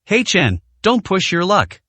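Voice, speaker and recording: A man's voice: high voice, wildly swooping pitch, unhurried, pushed and bright, dry recording, voice pushed up, heavily acted. A man voicing an arrogant, hot-tempered rich young heir in an audio story, with a hostile, sneering tone.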